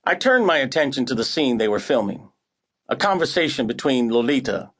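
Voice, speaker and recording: A man's voice: mid-range voice, expressive, brisk, a bit bright. A man narrating an audiobook in the first person, with a wry, hard-boiled delivery.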